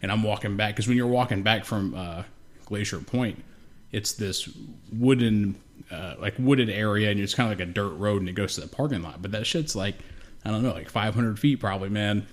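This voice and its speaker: Profane rambling man, low voice. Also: a little fast. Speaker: podcast co-host. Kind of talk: casual chat.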